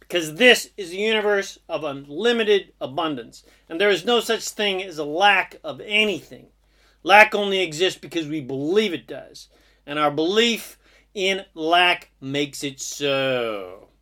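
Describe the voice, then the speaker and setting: A man giving an earnest, sermon-like spiritual talk, drawing out his phrases slowly. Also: high-pitched, bright, forceful tone. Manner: slow, earnest, sermon-like delivery with drawn-out phrases. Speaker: spiritual speaker. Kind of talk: inspirational monologue.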